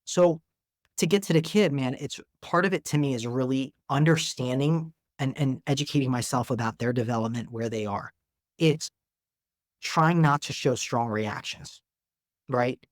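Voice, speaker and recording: A man's voice: medium pitch, moderate pace, no room sound. Guy in his 30s on a podcast, earnest chatty talk, keeps saying man and right, dry close sound. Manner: earnest and conversational, says "man" and "right?" often. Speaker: psychiatrist guest. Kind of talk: casual interview talk.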